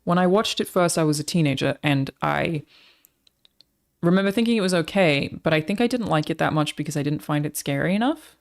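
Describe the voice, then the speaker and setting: A woman's voice: sits low, expressive, a little fast. An Australian woman streamer chatting casually with her live audience, swearing freely as she talks.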